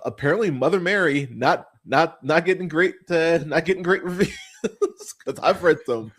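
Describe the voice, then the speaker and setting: A man hosting a casual film podcast, blunt and profane, rambling with lots of fillers. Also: fairly high pitch. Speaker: podcast host.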